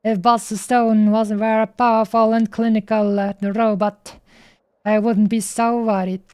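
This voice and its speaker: A woman's voice: fairly high pitch, level tone, measured pace, a little mellow, clear, resonant tone. A woman streamer reading game dialogue aloud in a playful way, stopping often on fillers as she goes.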